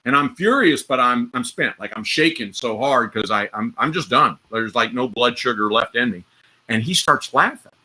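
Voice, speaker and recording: A man's voice: medium pitch, animated, moderate pace, sharp tone, husky. A man casually telling a vivid, profane story, hosting a live stream and laughing mid-sentence.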